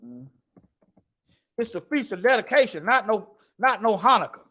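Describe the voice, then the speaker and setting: A man's voice: high voice, big pitch swings, normal speed, sharp tone. A man teaching the Bible in an emphatic preaching style, reading scripture aloud and addressing his listeners directly. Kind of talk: preaching to an online audience.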